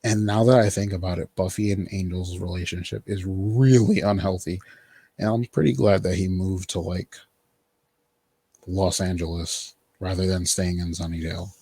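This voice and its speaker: Husky low-voiced man recapping a show. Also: steady tone, moderate pace, dark tone. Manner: rambling, filler-heavy, quotes characters in mock voices. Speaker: podcast host. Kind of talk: casual chat recapping a TV show.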